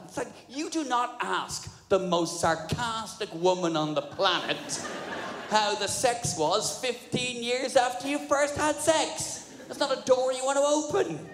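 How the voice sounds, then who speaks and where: A middle-aged man performing a fast, animated stand-up comedy routine, slipping into put-on voices. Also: sits high. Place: large venue with audience. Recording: echoey hall with audience ambience.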